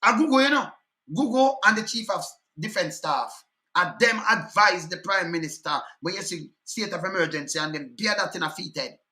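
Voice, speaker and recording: A man's voice: high voice, normal speed, pushed and bright. A man with a Jamaican accent giving heated, scornful political commentary, firing rhetorical questions and replaying clips.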